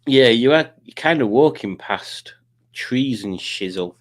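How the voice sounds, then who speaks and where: A man's voice: mid-range voice, expressive, measured pace. A man hosting a live quiz stream, rambling casually and reading out viewer comments. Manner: rambling, reads out chat comments.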